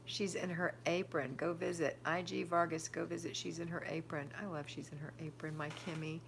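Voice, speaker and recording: Chatty older woman, low voice. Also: fairly even intonation, moderate pace, gravelly, a little hiss or hum. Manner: chatty, reads comments aloud, gives firm advice. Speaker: livestream host answering viewer chat. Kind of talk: casual live chat.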